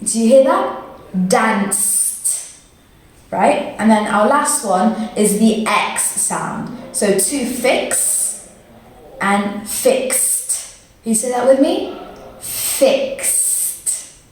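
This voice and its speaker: Slow British woman teaching in an echoey room. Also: on the high side, lively intonation. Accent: British English. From Britain. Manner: slow, patient, encouraging drills. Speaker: English teacher. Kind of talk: pronunciation lesson. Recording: very echoey room, mic far off, faint noise.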